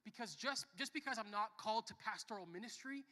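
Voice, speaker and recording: A young man preaching a sermon as a pastor, joking and telling stories, swinging from quiet to loud. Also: high voice, a little fast. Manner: lively, joking storyteller who shifts between soft and loud. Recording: long reverb of a church hall.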